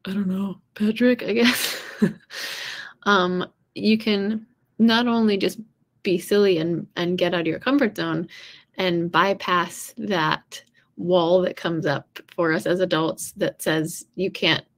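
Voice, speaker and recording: A young woman teaching singing in a casual live stream, talking in a chatty, rambling way with many pauses and small laughs at herself. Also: fairly low pitch, steady tone.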